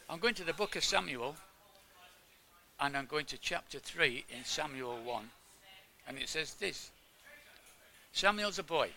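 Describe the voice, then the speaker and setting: A man's voice: fairly high pitch, gravelly, bright, forceful tone, a little hiss or hum. An older man from England giving an informal sermon, chatting with his congregation and asking them questions. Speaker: preacher.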